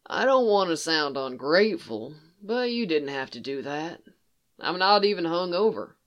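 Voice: medium pitch, very animated, moderate pace, fairly bright tone, muffled recording. A reader voicing a young adult male human officer who talks in a casual, easygoing way. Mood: relaxed.

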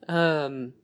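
A young woman chatting casually about a TV show, rambling and laughing as she acts out lines in little voices. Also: sits low.

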